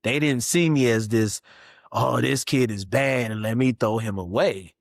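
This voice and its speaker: A middle-aged man telling his own story as a podcast guest, animated, jumping into other people's voices as he acts them out. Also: mid-range voice, unhurried, creaky, no room sound, studio quality. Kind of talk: candid personal storytelling.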